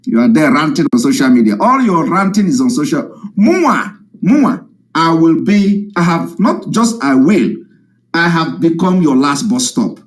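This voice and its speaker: A man's voice: fairly high pitch, expressive, normal speed. A man giving a heated, mocking live-stream monologue to his followers. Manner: combative, mocking, repetitive. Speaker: activist addressing followers. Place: live broadcast from home.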